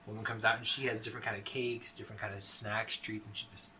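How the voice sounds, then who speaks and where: A man's voice: fairly low pitch, little pitch movement, quick pace, bright, forceful tone, slight background noise. A man narrating a tabletop role-playing game as game master, casual and loose.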